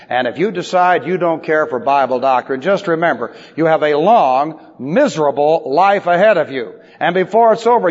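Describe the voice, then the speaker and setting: A man preaching an expository sermon as a pastor, lecturing emphatically with dry humor. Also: fairly high pitch. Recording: dull lo-fi recording with long hall reverb.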